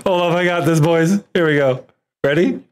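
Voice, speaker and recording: A man's voice: fairly high pitch, a little fast, smooth. A man doing casual live-stream commentary while reacting to a video, laughing often and teasing.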